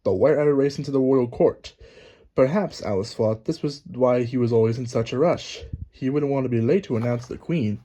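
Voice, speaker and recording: A man narrating a children's storybook aloud in a lively, expressive reading. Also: medium pitch, moderate pace. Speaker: storybook reader.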